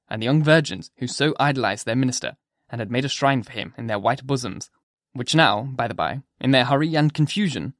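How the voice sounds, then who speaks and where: Male audiobook narrator, mid-pitched, measured storytelling, dry close mic. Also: dry recording. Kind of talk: scripted narration.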